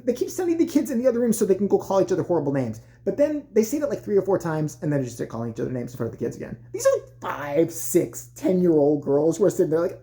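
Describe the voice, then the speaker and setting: A woman's voice: fairly low pitch, big pitch swings, fast, hardly any pauses, warm tone. Profane, ranting woman vlogger. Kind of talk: casual comedic commentary.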